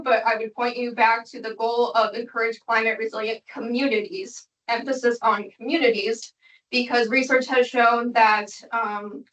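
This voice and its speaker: A woman's voice: on the high side, pushed and bright. A woman presenting a policy plan at a public meeting, explaining in a careful way with frequent ums. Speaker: planning staff presenter. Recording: echoey room from far off, muffled.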